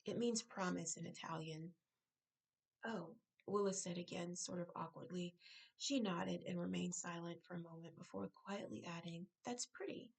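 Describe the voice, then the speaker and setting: A woman author reading her own novel aloud, now and then breaking off to correct herself or make a quick aside. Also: lowish voice, steady tone, vocal fry, slightly rough, rough recording.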